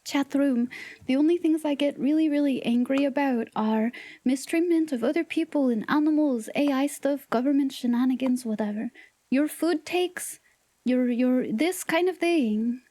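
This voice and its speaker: A woman streamer with a high voice chats casually with her viewers in a playful, teasing way. She often drops into quick whispered asides. The close, dry recording has no trace of room echo. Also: dark tone. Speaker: livestreamer.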